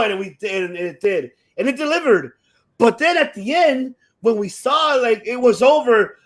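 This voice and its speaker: A man hosting a casual chat show, talking excitably with lots of swearing and restarts. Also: extremely high pitch, normal speed. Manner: excitable, profane, rambling with many restarts. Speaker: podcast host. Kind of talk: casual chat about wrestling.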